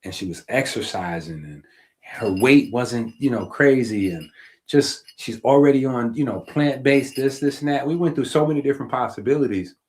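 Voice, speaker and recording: A man's voice: medium pitch, expressive, normal speed. A man giving a casual, emphatic health-talk monologue, reading passages aloud and often checking in with "right?". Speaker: health streamer.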